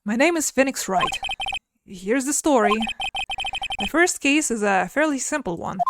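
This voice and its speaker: A woman's voice: high-pitched, lively intonation, unhurried, noisy background. A woman voicing an earnest young male rookie defense lawyer, reading the game text aloud. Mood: narrating.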